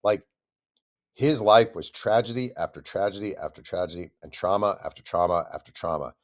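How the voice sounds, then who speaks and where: A man with a lowish voice tells a long story as an author guest on an interview show. He is animated and drops into the voices of the people he quotes. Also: a little fast.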